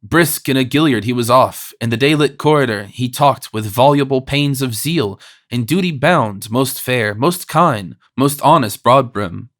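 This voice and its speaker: A man narrating a classic novel as an audiobook reader, in a measured literary reading style. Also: medium pitch, fairly bright tone. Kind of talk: scripted narration.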